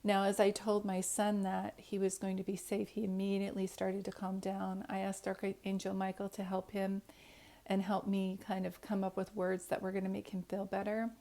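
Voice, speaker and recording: A woman's voice: medium pitch, completely flat delivery, moderate pace, warm tone. A woman, a psychic medium, earnestly telling a personal story to camera in a rambling way, often restarting her sentences.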